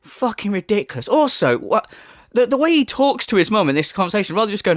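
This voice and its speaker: A man's voice: sits high, fast, no echo, clean studio sound. A man hosting a commentary video, sarcastic and swearing, mocking what he reacts to. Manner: sarcastic, swears a lot, lively mocking impressions.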